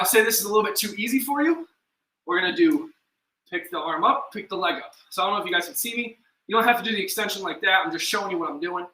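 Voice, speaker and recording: A man's voice: sits high, pushed and bright, a little hiss or hum. A young man leading a live bodyweight workout, chatty and self-deprecating as he counts down reps and demonstrates moves. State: out of breath at times. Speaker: fitness instructor. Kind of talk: live workout class instruction. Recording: echoey room, mic at a distance.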